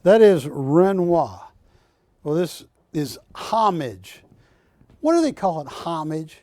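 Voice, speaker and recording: Male shopping-channel host, unhurried and chatty, dark dry sound. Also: fairly high pitch, expressive, no echo. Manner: rambling, jokey, self-correcting. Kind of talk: live sales pitch. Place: TV shopping studio.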